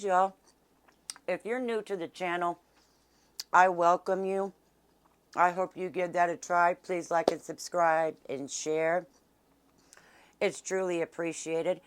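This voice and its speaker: Homey low-voiced woman cook. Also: fairly even intonation, a little slow, long pauses, smooth. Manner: homey, chatty, talks while eating. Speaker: cooking channel host. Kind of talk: casual cooking vlog chat.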